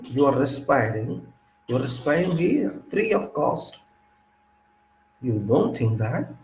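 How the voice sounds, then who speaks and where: Indian English man, mid-pitched, preachy monologue, roomy echo with a faint hum. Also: a little mellow. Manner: preachy, emphatic, rhetorical questions, sudden pitch jumps. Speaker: speaker of a commentary channel. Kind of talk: lecturing monologue.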